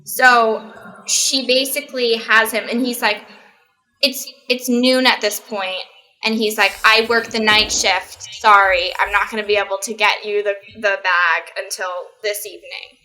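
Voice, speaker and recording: A woman's voice: mid-range voice, a little slow. A young adult woman as a guest, telling a story in casual chat and acting out the people in it. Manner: animated, acts out quoted exchanges.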